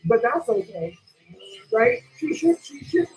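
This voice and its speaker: High-voiced woman ranting emphatically. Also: very animated, measured pace, gravelly, darkish tone, rough recording. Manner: emphatic, repetitive, keeps asking "right?"; blunt, swears casually. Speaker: commentary vlogger. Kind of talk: ranting commentary.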